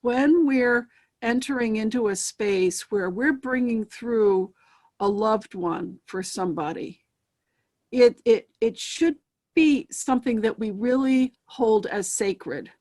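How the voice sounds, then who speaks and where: A woman who is a spiritualist medium, speaking as an interview guest in a thoughtful, hesitant way with many pauses and ums. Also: on the high side, darkish tone. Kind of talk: casual interview chat.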